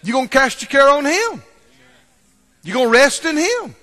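Man preaching, high bright voice, folksy, animated, church hall reverb. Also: normal speed. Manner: animated, folksy, chuckling asides. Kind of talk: sermon.

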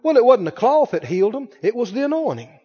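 A man's voice: extremely high pitch, big pitch swings, fast, mellow, breathy edge. A man preaching a sermon to a congregation, emphatic, acting out the people in the story. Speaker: pastor. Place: church sanctuary with a congregation. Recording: dull sound in a reverberant church hall.

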